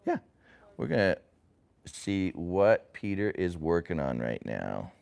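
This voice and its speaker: A man's voice: low-pitched, very animated, takes it slowly, vocal fry, darkish tone, smooth. A man hosting a casual family livestream, rambling with lots of fillers and restarts.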